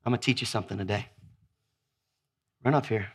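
A man's voice: on the low side, brisk, husky. A man preaching to a live audience, with call-and-response and exuberant whoops as he acts out scenes.

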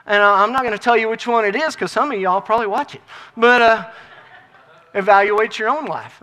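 A middle-aged man preaching a folksy, emphatic sermon that swings between loud bursts and quiet asides. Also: very high voice, fairly quick.

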